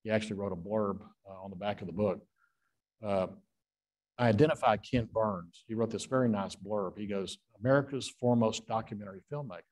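A man, a guest author, telling rambling stage anecdotes with frequent filler pauses. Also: fairly low pitch, steady tone, a little mellow.

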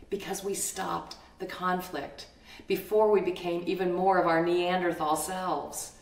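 Middle-aged woman speaker, low-pitched, storytelling workshop voice, echoey room, mic set back. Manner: expressive storyteller, calm and reflective. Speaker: webinar presenter on conflict. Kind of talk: teaching talk with personal story. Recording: roomy echo, distant mic.

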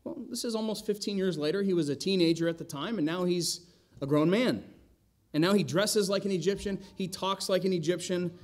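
Conversational pastor with wry asides. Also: male voice, high-pitched, a little fast. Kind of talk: expository sermon. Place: church sanctuary.

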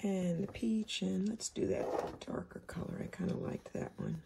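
A quilting instructor chats casually to viewers while sewing in a relaxed tutorial. Her mid-range voice swings hugely in pitch and is creaky, delivered at a moderate pace in a very noisy recording.

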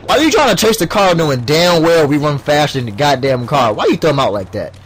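A man's voice: fairly high pitch, expressive, quick pace, a bit bright, breathy edge. A man hosting a gaming video, bantering crudely with a friend and laughing a lot while he plays. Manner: crude teasing, laughs often. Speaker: gaming channel host. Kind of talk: casual let's-play banter.

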